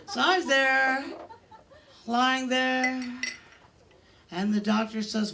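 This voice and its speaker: A woman's voice: on the high side, lively intonation, a little slow, background noise. An older woman performing a stand-up comedy routine on a comedy club stage, telling bawdy, self-mocking stories in a brash way.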